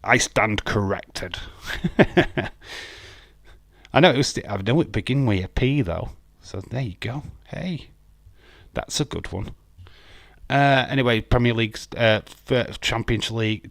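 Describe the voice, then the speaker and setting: A man with an English accent chats on a live stream, ranting bluntly and swearing freely. His voice is low and a little hoarse, and the sound is dry, with no room around it. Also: dry recording. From England. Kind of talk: casual live stream chat.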